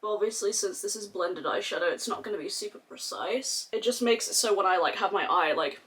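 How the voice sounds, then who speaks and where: A woman's voice: medium pitch, fairly quick, fairly bright tone. A young woman with an accent mixing Australian and English, chatting casually and swearing freely while doing her makeup on camera. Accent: mix of Australian and English. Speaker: beauty vlogger. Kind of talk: casual makeup tutorial chat.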